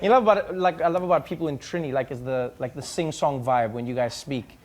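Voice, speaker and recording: A man's voice: on the high side, fairly quick. A man hosting a comedy show, joking with audience members and slipping into mock accents, laughing often. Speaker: talk show host bantering with audience. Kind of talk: improvised comedy crowd work. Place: studio with live audience. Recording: live studio audience, noisy.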